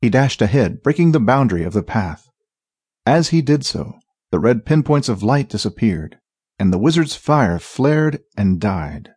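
A man narrating a fantasy audiobook in a dramatic, expressive reading. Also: mid-range voice, measured pace, slightly rough, no room sound.

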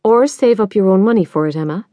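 A woman's voice: medium pitch, fast talker, mellow, no room sound, lightly acted. A woman voicing a mother who gives firm, lecturing advice. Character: stern Irish mother, low and firm.

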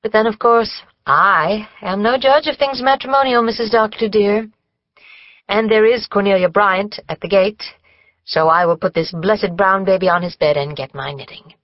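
A woman's voice: mid-range voice, normal speed, dry recording, highs cut off, voice pushed up, lightly acted. A woman reading the part of a prim, gossipy older housekeeper who talks in long, formal ramblings. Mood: gossiping.

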